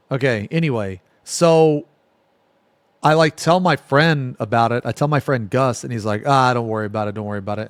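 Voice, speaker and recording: A male streamer telling a story to his chat in a loose, rambling way, heavy on "like" and swearing. His voice sits at an ordinary pitch. The sound is dry and close to the mic. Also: dry recording. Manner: rambling, profane, filler-heavy.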